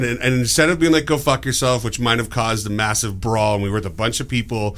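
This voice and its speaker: A man's voice: medium pitch, brisk, a bit bright. A man on a podcast giving blunt, profane advice in a sarcastic, casual way. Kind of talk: casual chat.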